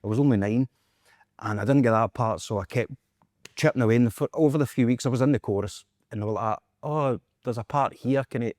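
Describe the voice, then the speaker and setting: A Scottish man tells animated, self-mocking anecdotes at a brisk, quick pace. His voice sits at an everyday middle pitch. The recording is dry and close, with no room echo. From Scotland. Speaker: guest performer. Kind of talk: storytelling in casual chat.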